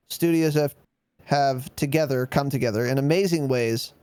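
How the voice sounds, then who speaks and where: A man's voice: mid-range voice, moderate pace, darkish tone, smooth, dry recording. A man co-hosting a gaming podcast in casual chat, sarcastic and swearing freely as he mocks corporate statements. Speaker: podcast co-host.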